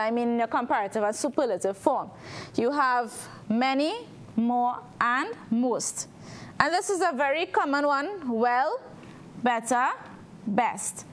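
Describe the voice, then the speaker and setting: High-voiced woman teaching a TV lesson. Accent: Trinidadian. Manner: patient, explanatory, poses questions to viewers at home. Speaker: English teacher on a TV lesson show. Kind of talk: televised classroom lesson.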